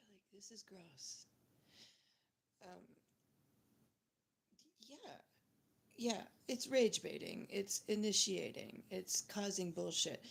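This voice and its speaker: Gravelly-voiced woman ranting casually. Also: mid-range voice, a little hiss or hum. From Canada. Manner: talks fast with many fillers, drops to whispers. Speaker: channel host.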